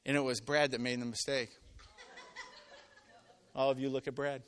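A man preaching a sermon to a live congregation, telling stories and acting out voices, swinging from loud to quiet. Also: mid-range voice, level tone, normal speed. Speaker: pastor. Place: church with live audience.

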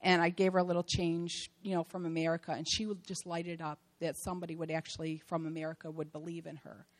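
A woman's voice: fairly low pitch, little pitch movement, fast talker, poor audio. A woman giving a heartfelt church testimony about a mission trip, rambling with many fillers and restarts.

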